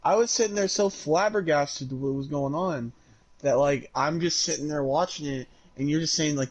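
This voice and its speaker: A man with a somewhat high voice co-hosting a casual podcast. He grumbles with frustration, swears often and laughs between complaints. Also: normal speed, poor audio. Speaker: podcast co-host. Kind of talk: casual chat.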